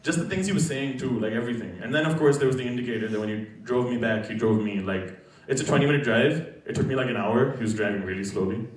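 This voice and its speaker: A young man, a student, telling a personal story on stage in a casual, halting way, with lots of "like" and "you know". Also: mid-range voice. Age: young adult. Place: college event hall. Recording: very echoey hall, voice from far off.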